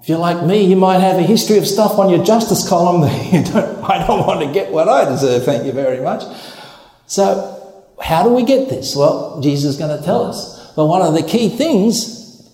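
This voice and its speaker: A man's voice: sits high, animated, normal speed, dark tone. A man preaching a sermon in an emphatic, conversational way, with laughs and acted asides. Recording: echoey hall.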